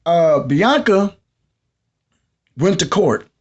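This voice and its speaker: A man with a fairly high voice, hosting a live podcast. He lectures his audience in a conversational, preachy tone and talks straight to them. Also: animated, extremely slow, breathy edge, highs cut off. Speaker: podcast host.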